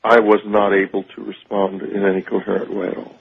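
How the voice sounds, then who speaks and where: A man telling a radio host about a personal experience, halting and searching for words. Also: sits low, level tone, creaky, husky. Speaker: radio show guest. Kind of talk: phone-in interview, personal account. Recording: tinny phone line on radio.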